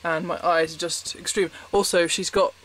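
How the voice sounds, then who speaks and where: A man with a slightly high voice chats casually to camera from his bed. He rambles and pokes fun at himself, often breaking into a giggle. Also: level tone, moderate pace, a bit bright, slight background noise. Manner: rambling, self-deprecating, giggly. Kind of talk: casual vlog chat. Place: bedroom, in bed at night.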